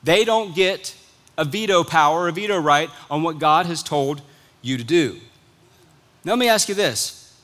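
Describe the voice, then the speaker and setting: A male pastor with a high voice delivers a sermon in an earnest storytelling manner. He retells an old story, then turns to press its lesson on his listeners. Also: fairly bright tone.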